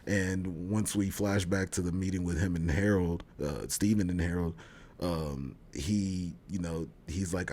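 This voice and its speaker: A man's voice: deep voice, fairly even intonation, a little slow, darkish tone, slightly rough. A man co-hosting a review show, casually retelling scenes with lots of fillers and restarts. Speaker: podcast co-host reviewing a TV show. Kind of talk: casual chat.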